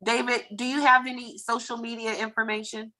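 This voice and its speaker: A woman's voice: on the high side, little pitch movement, fairly quick, sharp tone, poor audio. A woman hosting an open mic on a video call, effusive and gushing, laughing often. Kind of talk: casual chat on a video call.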